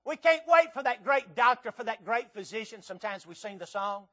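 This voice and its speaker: High-voiced Southern preacher, folksy and emphatic. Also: male voice, a little fast, few pauses. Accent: Southern American. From Tennessee, southern United States. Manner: folksy, conversational, asks the audience direct questions; swings from hushed and intimate to loud and emphatic. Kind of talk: sermon.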